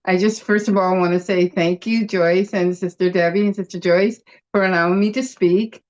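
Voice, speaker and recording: A woman's voice: fairly even intonation, moderate pace, darkish tone. A woman from Canada, giving an emotional, effusive thank-you speech to an online group over her phone, with many fillers and restarts. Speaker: webinar panelist. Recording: muffled low-fidelity phone audio.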